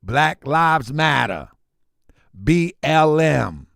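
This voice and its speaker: Emphatic man with a lively pitch. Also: drawn-out words, vocal fry, dry recording, studio quality. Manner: emphatic and repetitive, addressing viewers as family. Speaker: commentary channel host. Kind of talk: opinion commentary.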